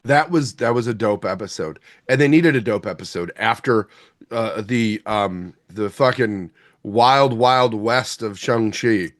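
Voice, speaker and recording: A man's voice: fairly low pitch, measured pace. A man co-hosting a podcast, giving blunt, sarcastic opinions in casual chat and swearing freely. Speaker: podcast co-host.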